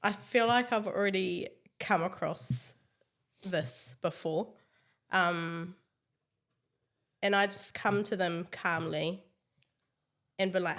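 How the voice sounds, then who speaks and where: A woman's voice: on the low side, fairly even intonation, slow pace, pauses often, a bit bright. A woman with a New Zealand accent, a teacher speaking as an interview guest in a friendly, affirming way. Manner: friendly, affirming, short agreements. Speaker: early childhood teacher, guest. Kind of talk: casual interview answers.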